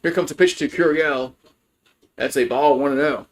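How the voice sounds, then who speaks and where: Here a fan play-by-play host covers a college baseball game on a livestream in a relaxed, wandering way, with lots of fillers and restarts. His voice runs on the high side at normal speed.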